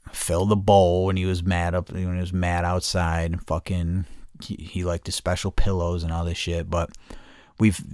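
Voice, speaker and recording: A man's voice: fairly low pitch, no room sound, clean studio sound. A man hosting a podcast, telling a rambling story with constant swearing and frequent laughter. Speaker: podcast host. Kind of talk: casual storytelling.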